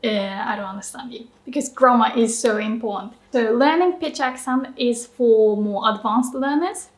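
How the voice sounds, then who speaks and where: A Japanese woman teaching pronunciation in a chatty, upbeat video lesson, slowing down to demonstrate words. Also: sits high, roomy sound.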